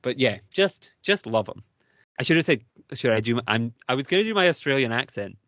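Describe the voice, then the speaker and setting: In a casual podcast chat, this British co-host from the United Kingdom rambles enthusiastically and laughs a lot. He speaks a little fast in a sing-song, mid-range, slightly bright voice. The recording is dry and lo-fi.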